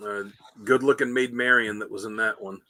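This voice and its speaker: Chatty guy cohosting, rambles n acts out quotes, bright tone, dry mic. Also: fairly low pitch, fairly even intonation, fairly quick, no room sound. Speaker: podcast co-host. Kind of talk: casual chat.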